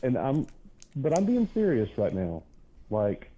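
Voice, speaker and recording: A man's voice: mid-range voice, wildly swooping pitch, measured pace, warm tone. A man calling in to a show, talking earnestly and at length, with a self-mocking edge. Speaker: caller. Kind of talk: casual call-in chat. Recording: tinny phone line.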